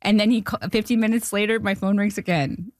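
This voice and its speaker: A woman director tells an anecdote as an interview guest, full of excitement and acted-out dialogue. Her pitch sits in the middle for a woman, and her voice is close and dry with no room echo. She laughs easily between lines. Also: fast. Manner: excitable storyteller, acts out quotes, laughs often.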